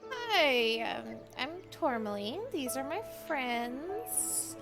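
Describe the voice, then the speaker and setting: A woman's voice: sits high, big pitch swings, drawn-out words, music in the background, voice pushed up, full character voice. A woman voicing a small, friendly female fairy who speaks politely and curiously, with a little hesitation.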